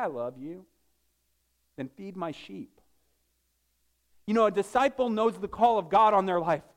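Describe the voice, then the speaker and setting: A man preaches from the pulpit in a relaxed, conversational way, cracking jokes and tripping over his own words as he goes. His voice sits high for a man. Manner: casual and joking, with frequent restarts. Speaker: pastor. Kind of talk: sermon.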